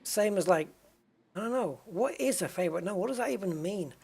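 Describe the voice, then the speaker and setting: A man's voice: high-pitched, expressive, a little fast, creaky, darkish tone, slightly rough. A man streaming a space game, chatting loosely with viewers, rambling and poking fun at himself as he answers their messages. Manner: rambling and self-mocking, reads and answers chat. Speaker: gaming streamer. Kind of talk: casual live-stream chat.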